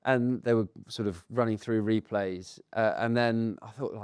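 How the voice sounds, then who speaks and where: A man, middle in pitch, tells a story in front of a live audience. He acts out the lines of the people in it and laughs his way through. His voice sounds close and dry, with little room to it. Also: normal speed, no room sound. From England. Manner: lively anecdote-telling with acted-out quotes and laughter. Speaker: podcast co-host telling a cricket story.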